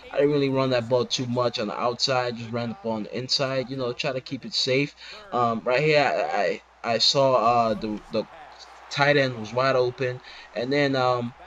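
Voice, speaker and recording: A man's voice: mid-range voice, normal speed, a bit bright, muffled recording. A man giving casual commentary over a replay of his own game, complaining in an exasperated voice and asking rhetorical questions, with plenty of fillers. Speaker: gameplay commentator.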